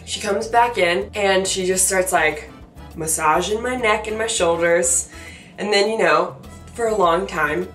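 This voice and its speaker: A young woman vlogger telling a funny personal story in a chatty, animated way, with many fillers, often laughing at herself. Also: mid-range voice, a little slow. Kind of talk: casual storytelling to camera. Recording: roomy sound from a distance with faint music.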